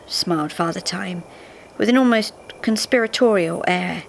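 A woman storyteller giving an expressive, measured live reading of a festive tale in a theatre. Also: lowish voice, gravelly, slight background noise, poor audio.

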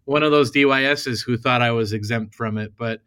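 A man's voice: mid-range voice, brisk, bright, forceful tone, clean tone. A man who is a podcast guest in casual chat, hesitant and full of fillers. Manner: hesitant, many fillers and restarts. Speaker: youth ministry leader, podcast guest.

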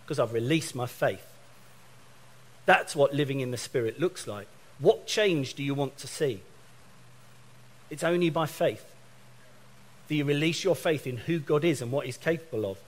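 A man's voice: mid-range voice, lively intonation, moderate pace. A middle-aged man from England preaching a sermon, telling a story and acting out both sides of his phone calls.

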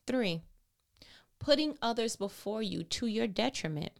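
A woman's voice: on the high side, lively intonation, a little slow, gravelly. A woman hosting a faith-based motivational talk, earnest and encouraging, asking rhetorical questions. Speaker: host.

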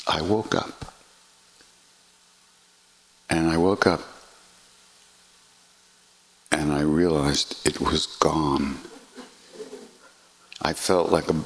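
An older man telling a personal story in an animated way, acting out voices and swearing freely. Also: very deep voice. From United States. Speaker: podcast host.

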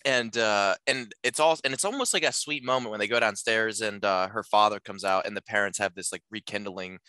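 A man casually talking through a film on a podcast, rambling with lots of filler words and acting out lines in animated voices. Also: fairly low pitch, fairly quick, clean tone, no room sound.

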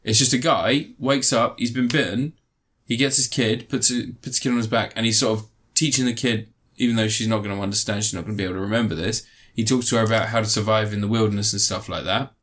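A man's voice: on the low side, steady tone, fairly bright tone. Rambling sarcastic man recapping a film. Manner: sarcastic, rambling with fillers and quick mock voices. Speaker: film reviewer. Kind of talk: casual film recap chat.

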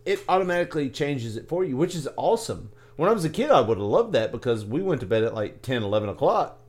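A man co-hosting a podcast in casual chat, joking around and quick to laugh. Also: medium pitch, very animated. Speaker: podcast co-host.

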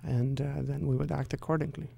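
A man gives measured answers in a radio interview. His voice is gravelly at a middling pitch. He picks his words carefully and often restarts. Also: flat delivery, mellow. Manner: careful, hesitant, frequent restarts. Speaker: company executive, interview guest.

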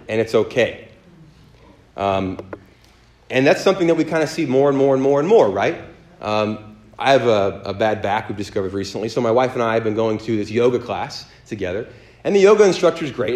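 A man leading a sermon as pastor, reading scripture aloud slowly and then preaching in a lively, joking way. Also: fairly high pitch.

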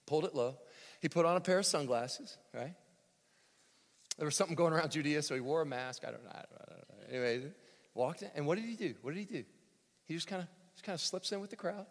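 A male pastor preaching a sermon, swinging from near-shouts to hushed tones, with joking asides. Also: on the high side. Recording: long hall reverb.

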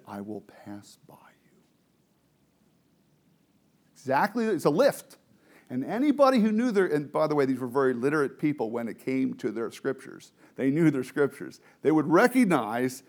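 A man's voice: mid-range voice, a little mellow. A man teaching a Bible study to a group, explaining the text and asking the group questions.

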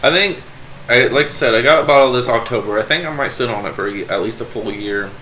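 A young man co-hosting a casual podcast chat, animated and quick to laugh, trailing off and restarting as he thinks. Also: mid-range voice, a little hiss or hum, low-quality recording. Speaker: podcast co-host.

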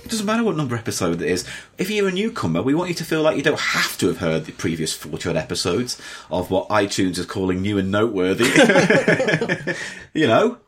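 Husky-voiced man, dry and wry. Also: lowish voice, big pitch swings, fairly quick, fairly bright tone. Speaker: podcast co-host. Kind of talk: casual comedy podcast chat. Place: hot room in a flat. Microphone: USB desk microphone.

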